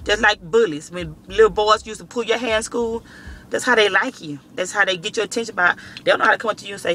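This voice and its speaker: A man's voice: high voice, fast talker, slight background noise. A man telling a story to the camera in casual, profane speech, acting out the dialogue. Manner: profane, animated, acts out dialogue. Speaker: vlogger.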